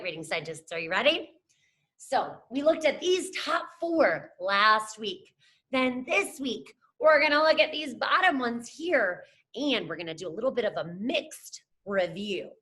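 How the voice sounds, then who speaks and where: A woman's voice: mid-range voice, a bit bright. A young adult woman teacher giving a phonics lesson to children, upbeat and encouraging, talking to them as friends. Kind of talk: scripted classroom lesson to camera.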